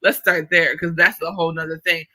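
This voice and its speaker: A woman hosting a livestream, ranting in an irritated, profane, confrontational way at a fast and emphatic pace. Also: lowish voice, level tone, bright, forceful tone, no room sound, poor audio. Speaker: livestream host. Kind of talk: livestream commentary rant.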